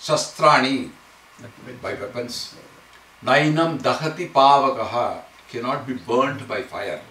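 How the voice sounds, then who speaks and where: A man's voice: mid-range voice, lively intonation, sharp tone. Man teaching scripture. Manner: explains Sanskrit verses slowly, chanting lines for students to repeat. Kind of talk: scripture class. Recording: echoey room, mic far off, faint noise.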